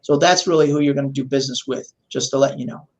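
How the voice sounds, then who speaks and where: A man as a podcast guest, explaining in a relaxed way and telling a long story in which he acts out the voices of the people he quotes. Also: medium pitch, quick pace, gravelly. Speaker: guest expert.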